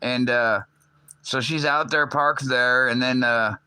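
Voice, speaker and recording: Bright-voiced man rambling on a livestream. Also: mid-range voice, fairly even intonation, takes it slowly, clean tone, dry recording. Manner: rambling, loose, swears often, many fillers. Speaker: livestream host. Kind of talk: casual rambling livestream chat.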